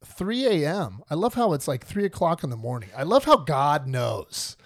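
A man's voice: a little high, very animated, moderate pace, no room sound, studio quality. A man hosting a podcast, casually retelling and joking about a Bible story with lots of laughs. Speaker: podcast host.

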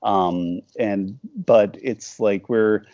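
A man with a fairly low voice talks casually in an interview, rambling and restarting as he acts out quoted back-and-forths. The sound is dry and close. The recording is dull and lo-fi. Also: drawn-out words, dark tone, no room sound. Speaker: cartoonist guest.

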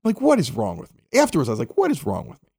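This middle-aged Chicago-area man talks rapid-fire, with vocal fry and a breathy edge. Hosting a local podcast, he tells a story casually and animatedly, acting out quotes with big jumps in pitch.

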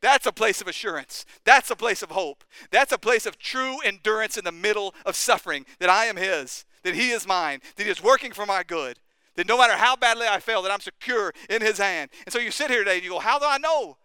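High bright preacher guy, urgent fiery sermon, smooth clear voice, dry close sound. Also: brisk, dry recording. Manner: impassioned preaching, rising urgent questions. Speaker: pastor.

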